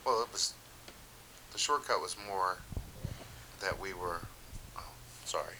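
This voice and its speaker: A young man with a very low voice and a strikingly bright, sharp edge to it. He chats casually, with dry, wry asides at his own expense. Faint noise sits behind him. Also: a little slow, rough recording. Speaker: podcast co-host. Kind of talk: casual chat.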